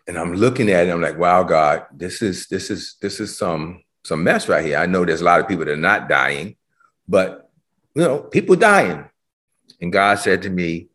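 Guy preaching a sermon, builds up louder and higher, repeats himself a lot. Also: lively intonation, measured pace. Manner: preaching with rising intensity, repeats words. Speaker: pastor.

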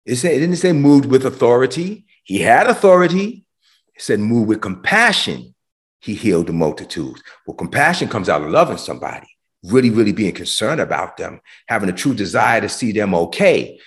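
A man's voice: lowish voice, sing-song, a little fast. A man preaching a sermon to an online congregation, with swells of intensity and repeated words as he builds his point. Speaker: pastor.

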